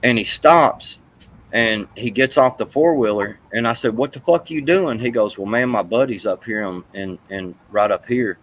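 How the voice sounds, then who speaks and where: A man's voice: fairly low pitch, normal speed, fairly bright tone, poor audio. A man telling a heated, profane, rambling story in casual chat.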